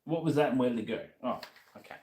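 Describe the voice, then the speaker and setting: A man's voice: medium pitch, quick pace, reverberant, background noise. A man with an Australian accent chatting casually to a stream while he works on a motorbike, muttering to himself as he goes. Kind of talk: casual live-stream chat while working.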